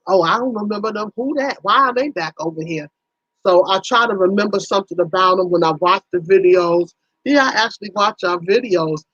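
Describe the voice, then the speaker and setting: A woman's voice: medium pitch, a bit bright, no echo, lo-fi sound. A woman hosting a casual livestream, chatting in a folksy way with her viewers and acting out little conversations. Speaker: livestream host.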